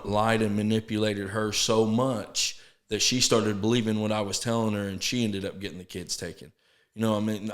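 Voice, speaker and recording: A man, a podcast guest telling his story in an earnest, halting way, often restarting and acting out quotes. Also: lowish voice. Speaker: podcast guest, sober living founder. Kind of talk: casual storytelling interview.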